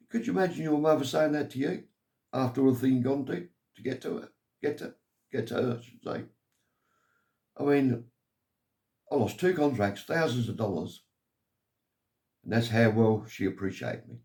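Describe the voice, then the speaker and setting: A man's voice: mid-range voice, expressive, normal speed, creaky, long pauses, darkish tone. An older man from England telling a long personal story in a meandering, aggrieved way. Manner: meandering, aggrieved, keeps saying "anyway". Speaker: vlogger telling his life story.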